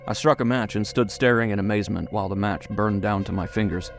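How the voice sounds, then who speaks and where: Gravelly low-voiced horror story narrator. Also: male voice, fast talker, few pauses, soft background music. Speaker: audiobook narrator.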